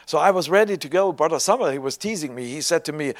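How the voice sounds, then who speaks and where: A man's voice: fairly high pitch, expressive, fast talker, no room sound. An older man preaching a sermon as a personal story. He talks conversationally, with hesitant restarts, and acts out the dialogue he retells.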